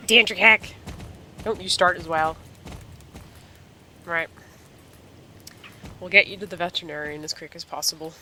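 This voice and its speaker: A woman's voice: sits low, bright, forceful tone, a little hiss or hum. A woman hosting a gaming channel, giving casual gameplay commentary and joking and exclaiming at the screen.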